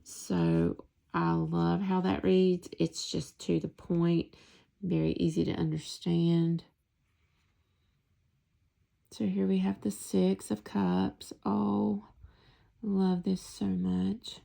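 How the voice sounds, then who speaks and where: A woman reviewing a tarot deck in a soft, hushed voice, often slipping into whispers and lingering on words as she gushes over the artwork. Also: on the low side, slow pace, creaky, long pauses. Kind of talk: soft-spoken tarot deck flip-through.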